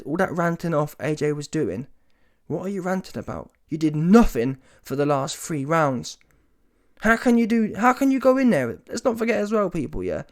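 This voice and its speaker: A man giving a ranting reaction commentary on a boxing match, casual and slangy, emphatic and often mocking. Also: fairly high pitch. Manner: animated, emphatic, rises to mocking shouts; casual street slang, swears.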